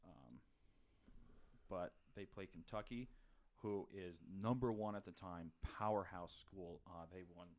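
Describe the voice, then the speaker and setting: A podcast co-host with a low, unhurried voice recaps a film's plot in a casual movie review chat. He rambles, filling his talk with fillers and restarts.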